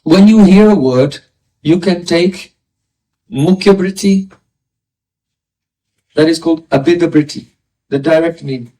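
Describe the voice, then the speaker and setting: Male spiritual teacher, fairly high voice, caught by a distant mic, teaching a class with homely examples. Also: measured pace, long pauses, dark tone. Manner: explains with everyday examples, asks listeners "right?". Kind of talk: devotional class lecture.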